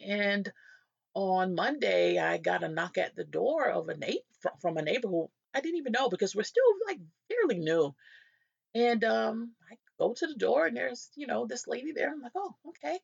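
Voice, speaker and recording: A woman's voice: medium pitch, lively intonation, moderate pace, creaky, breathy edge, no echo. A woman giving an earnest devotional talk, telling personal stories and acting out the voices of people she met. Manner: earnest, storytelling, acts out quoted voices. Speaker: Christian speaker. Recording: dull lo-fi dry recording.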